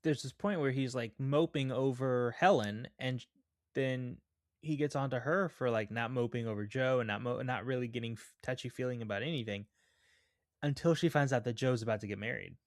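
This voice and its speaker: Man, chatty podcast co-host, middle pitch, dry mic. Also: brisk, dry recording. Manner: chatty, with laughs and restarts. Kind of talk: casual film chat.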